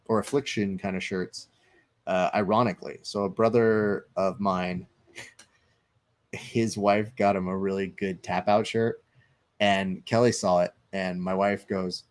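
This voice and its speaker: A man hosting a live stream, chatting loosely, reading viewer comments aloud and commenting on fights. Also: low-pitched. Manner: loose, chatty, swearing, reads chat aloud.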